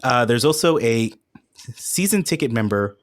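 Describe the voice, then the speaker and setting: A man co-hosting a casual podcast, relaxed and chuckling as he runs through event details. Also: mid-range voice, normal speed, dry recording, studio quality. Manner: laid-back, chuckling, reads event details. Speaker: podcast co-host. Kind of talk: casual chat.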